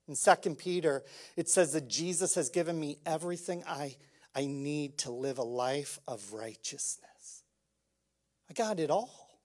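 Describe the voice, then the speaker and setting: Man, pastor, sermon, conversational, fervent, hushed-to-loud swings. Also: sits high, unhurried.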